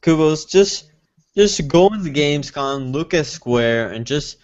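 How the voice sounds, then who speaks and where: An excitable young man in a casual podcast chat who swears and keeps saying dude and bro. His voice swings widely in pitch. The audio is dull and lo-fi. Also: measured pace.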